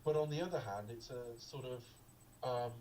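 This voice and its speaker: A man's voice: medium pitch, normal speed, warm tone, far from the mic, a little hiss or hum, low-quality recording. Rambling man reviewing films. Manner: rambling, digressive, with frequent ums and asides. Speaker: podcast co-host. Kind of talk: casual film review chat.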